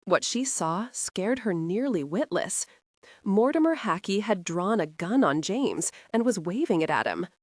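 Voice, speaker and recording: A woman reading a historical romance audiobook in a steady, expressive scripted narration. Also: medium pitch, unhurried, no echo, studio quality.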